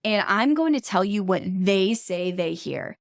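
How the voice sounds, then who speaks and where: A woman hosts a casual true-crime podcast with a gravelly, fry-laced voice. She talks bluntly, shares strong opinions and swears freely. The recording is dry and close, with no room sound. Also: mid-range voice, animated, measured pace, no room sound. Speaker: podcast host.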